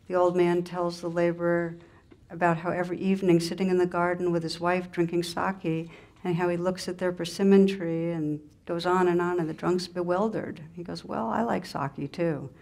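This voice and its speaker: A woman meditation teacher giving a spiritual talk and telling a story, gentle and unhurried in short pausing phrases. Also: on the low side.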